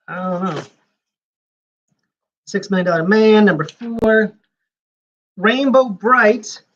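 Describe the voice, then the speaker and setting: A man's voice: high voice, darkish tone, lo-fi sound. A man giving rambling live-stream commentary while flipping through a comics preview magazine, with sarcastic asides.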